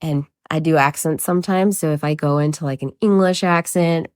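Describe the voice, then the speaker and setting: A woman's voice: low voice, brisk, darkish tone, clean tone, no room sound, clean studio sound. A woman hosting a podcast as a trauma coach, talking candidly and casually with lots of swearing and self-mocking humor. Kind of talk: casual confessional monologue.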